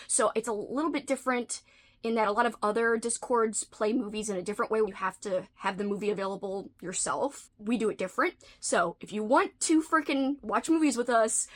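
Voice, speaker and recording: A woman hosting a casual vlog, chatting in a playful, talkative way and slipping into whispered asides now and then. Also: a little high. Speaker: video host.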